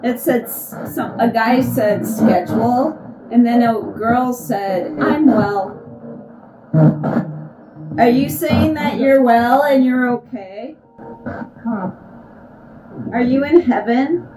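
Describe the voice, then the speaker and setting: A woman's voice: on the high side, slow, pauses often, music in the background. A woman working as a paranormal investigator, earnestly asking questions aloud and repeating the phrases she hears during a spirit box session. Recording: echoey, distant, noisy room.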